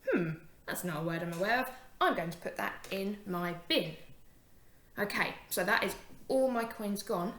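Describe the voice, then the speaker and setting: A young woman teacher giving a phonics lesson to young children, encouraging and sounding out words slowly. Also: mid-range voice, fairly bright tone, reverberant.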